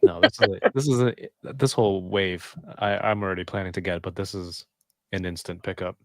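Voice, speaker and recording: A man co-hosting a casual podcast chat. He talks haltingly, restarting his sentences and laughing easily. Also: sits low, steady tone, no echo, studio quality. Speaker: podcast co-host.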